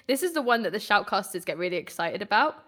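A British woman co-hosting a casual chat podcast, animated and quick to laugh as she talks. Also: mid-range voice. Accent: British English. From Britain. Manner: giggly, animated, chatty.

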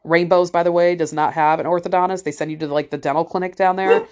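Blunt, fast-talking mom with a lowish voice who vents in casual vlog style and does voices for the people in her story. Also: steady tone, darkish tone. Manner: blunt, profane, acts out other people's voices. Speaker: parent telling a story.

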